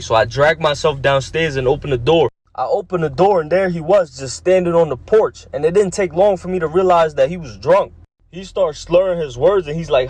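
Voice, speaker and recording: A man with a fairly high voice tells a joke as a first-person story. His delivery is deadpan and steady. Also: brisk, slight background noise.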